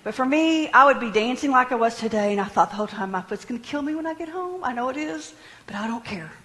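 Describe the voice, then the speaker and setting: A woman preaching a sermon in a lively, animated way, joking with her congregation. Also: sits high, quick pace, in a large hall, rough recording.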